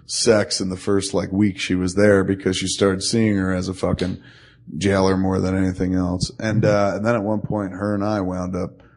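A man in his forties telling a profane, animated story in casual chat, acting out the quotes. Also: deep voice, normal speed, a little hiss or hum. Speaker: podcast co-host.

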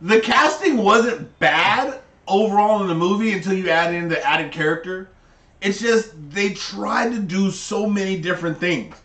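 A man's voice: high-pitched, moderate pace, fairly bright tone, reverberant, distant mic. A man co-hosting a podcast in casual chat, giving blunt, emphatic opinions. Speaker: podcast co-host.

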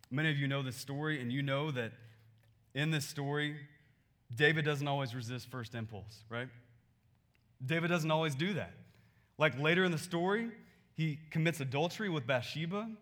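A man's voice: medium pitch, fairly bright tone. A man preaching a sermon in a conversational way, asking his listeners rhetorical questions. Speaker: pastor.

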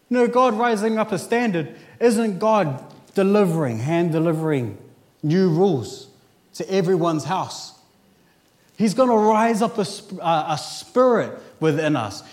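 A man delivering a sermon with a fairly high-pitched voice. He preaches in an animated, conversational way, pushing key lines loud and dropping into quick, quiet asides and light jokes. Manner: conversational, with casual fillers and jokes.

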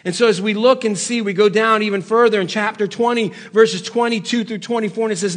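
A man delivers an impassioned sermon in a high, breathy voice. He sinks to low, quiet stretches and then climbs to loud, raised pleas. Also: a little fast, few pauses. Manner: impassioned, swings between hushed low lines and loud raised ones. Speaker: preacher.

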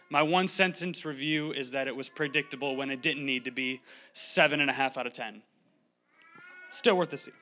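A young man preaching a humorous sermon from a church pulpit, fast-talking, joking and animated, on a handheld microphone. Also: a little high. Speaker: guest preacher. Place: church sanctuary.

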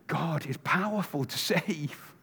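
Male pastor, lively sermon delivery, slightly high voice, long church reverb. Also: takes it slowly, creaky, slightly rough. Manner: animated storytelling, acts out voices, swings from loud to hushed. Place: church sanctuary.

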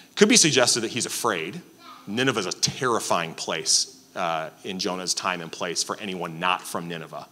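Brief: a male pastor preaching casually, slightly low voice, long hall echo. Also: sharp tone. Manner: conversational, many fillers and restarts. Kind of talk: sermon.

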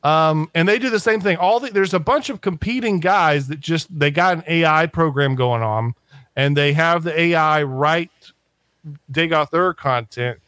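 A man in casual podcast talk, his voice a bit higher than most and recorded dry and close. He rambles, restarts often and drops sneering asides. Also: moderate pace, a bit bright, dry recording.

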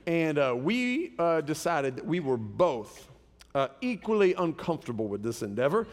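Animated high-voiced preacher, echoey hall. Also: male voice, moderate pace. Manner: animated storytelling with humor. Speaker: pastor. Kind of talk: sermon.

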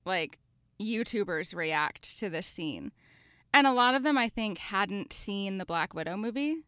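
A woman's voice: medium pitch, expressive, unhurried, sharp tone, smooth, dry recording, clean studio sound. A woman co-hosting a podcast, chatting casually and thinking aloud, with many filler words. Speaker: podcast co-host. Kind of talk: casual chat.

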